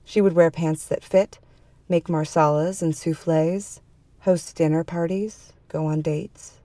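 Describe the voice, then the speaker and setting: A woman narrating a dark fantasy story in a measured, even manner. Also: low-pitched, dry recording.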